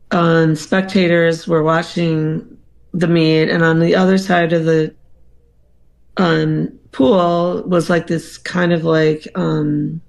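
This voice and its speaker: A podcast guest recounts a story in a loose, halting way, leaning on ums and likes as the thoughts form. The voice stays level and flat in pitch, with a gravelly fry running under it. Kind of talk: casual storytelling, recounting a dream.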